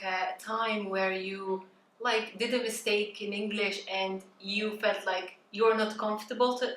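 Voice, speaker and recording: A woman's voice: medium pitch, a bit bright, slight background noise. Woman host asking questions, casual and filler-heavy, roomy echo. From Tunisia. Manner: friendly, chatty, many fillers. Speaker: interviewer. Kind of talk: casual interview.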